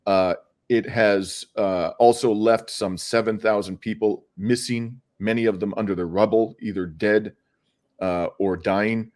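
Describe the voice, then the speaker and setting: A man's voice: fairly low pitch, steady tone, unhurried, a little mellow. Impassioned middle-aged man arguing a legal case. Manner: earnest, frequent hesitations and restarts. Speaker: lawyer and activist guest. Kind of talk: impassioned interview answer.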